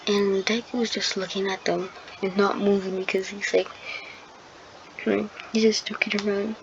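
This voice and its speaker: Her delivery is flat, her pitch medium and her pace moderate as she improvises a fan-fiction story for her channel. The telling rambles, full of hesitation, fillers and restarts, over a dull lo-fi recording with clear background noise.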